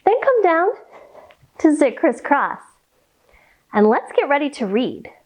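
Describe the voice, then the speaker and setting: High, lively woman leading kids' yoga. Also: slow pace. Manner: playful, sing-song, cheerful coaxing. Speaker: children's yoga instructor. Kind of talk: guided kids' yoga class.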